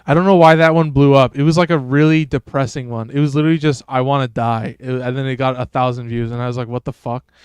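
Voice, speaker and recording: A man's voice: medium pitch, fairly even intonation, fast talker, few pauses, smooth, dry recording. A man streaming a game, chatting casually and rambling in a laid-back, slangy way. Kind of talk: casual gameplay commentary.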